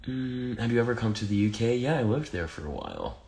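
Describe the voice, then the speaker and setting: This American man's medium-pitched voice is very animated, a little fast, creaky yet mellow. He's doing a casual livestream Q&A on his phone, reading fans' comments out loud and firing back wry, teasing replies.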